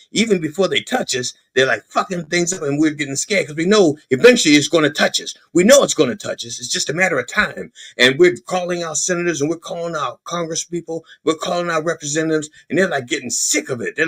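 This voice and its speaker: A man hosting a podcast, delivering an animated, profane comedic political rant with frequent stammered restarts. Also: fairly high pitch. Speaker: podcast host.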